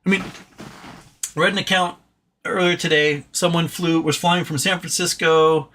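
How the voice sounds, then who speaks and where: A man with a bright, fairly high voice hosts a political livestream. He rants with exasperated sarcasm, swearing freely and tripping over restarts and fillers. His voice has a crisp, forceful edge. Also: steady tone, measured pace, slight background noise. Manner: exasperated, sarcastic, swears, mocks opponents with put-on quotes. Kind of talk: ranting political commentary.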